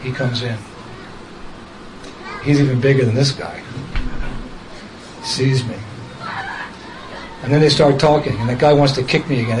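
A man telling a personal story in a casual, lively way, laughing as he goes and acting out other people's voices. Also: mid-range voice, measured pace, pauses often, crowd noise, background noise. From United States.

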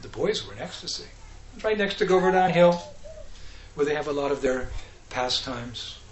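Animated man telling devotional stories. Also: a little high, moderate pace. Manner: animated, acts out characters, laughs often. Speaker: speaker. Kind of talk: devotional storytelling talk. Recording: echoey room with faint ambience.

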